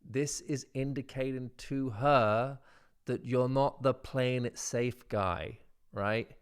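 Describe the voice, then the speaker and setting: A man dating coach talking straight to his viewers in a relaxed, conversational way, often checking in with "right?" and slowing his voice to show how a line should land. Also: mid-range voice, smooth. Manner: conversational, repeats "right?", demonstrates lines by slowing his delivery. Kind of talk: instructional talk to camera.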